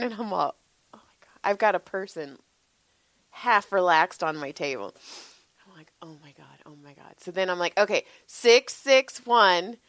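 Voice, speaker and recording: A woman, telling stories in a casual podcast chat, animated and laughing, often swearing and acting out what people said. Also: medium pitch, moderate pace, no room sound. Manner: animated, laughing, swearing freely, acts out quotes. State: tired. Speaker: podcast co-host, massage therapist.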